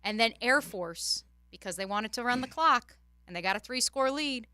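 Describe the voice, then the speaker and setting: A woman co-hosting a sports radio show, telling a betting story in an animated, excitable way. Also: fairly high pitch, moderate pace, no room sound. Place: radio studio. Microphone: studio microphone.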